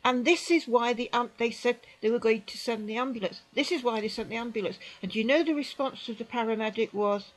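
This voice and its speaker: An older British woman speaks to camera in her sixties, her voice sitting somewhat high. She tells her story emphatically, repeating herself for stress and sometimes dropping to a quieter aside. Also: brisk, hardly any pauses, rough recording. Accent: British English. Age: 60s. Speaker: vlogger recounting an experience. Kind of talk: indignant personal account to camera.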